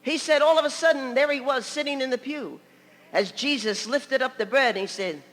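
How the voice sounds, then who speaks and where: A woman's voice: sits high, brisk, a bit bright, in a large hall, faint music behind. An older woman from New York preaching a sermon as a story, chatty, with laughing asides and many "you know"s.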